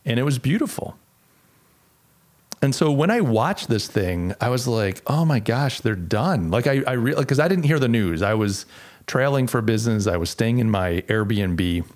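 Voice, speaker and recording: This middle-aged podcast host speaks at normal speed in a medium-pitched, darkish voice with lively intonation. Talking alone, he's casual and reflective, and he restarts a lot.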